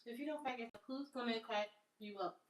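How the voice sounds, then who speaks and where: A woman's voice: on the high side, fairly quick. A woman chatting casually on a live stream, rambling and amused by her own jokes. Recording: roomy, distant from the mic.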